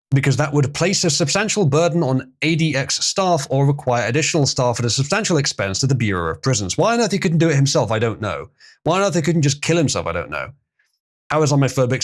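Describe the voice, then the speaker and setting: A man hosting a livestream, reading an article aloud and breaking in with sarcastic, crude remarks. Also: medium pitch. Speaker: livestream host.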